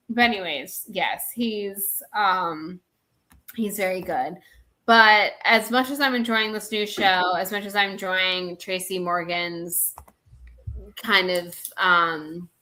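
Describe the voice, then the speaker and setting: A woman co-hosting a casual chat show, talking in a gushing, animated way. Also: lowish voice. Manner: gushing and animated, frequent laughs. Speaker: co-host.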